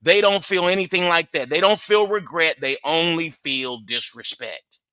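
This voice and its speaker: High, bright sarcastic man. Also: moderate pace, clear, resonant tone, no room sound. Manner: sarcastic, mocking. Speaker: reaction channel host. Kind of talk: casual commentary.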